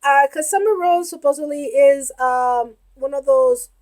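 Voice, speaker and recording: A young woman hosting a reaction video, gushing and emotional, often shouting and giggling as she comments. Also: high voice, a little slow.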